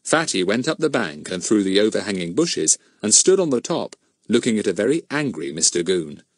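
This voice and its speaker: A man's voice: lowish voice, big pitch swings, moderate pace, no echo, studio quality. A man reading a children's mystery audiobook aloud, narrating expressively and giving each character a voice.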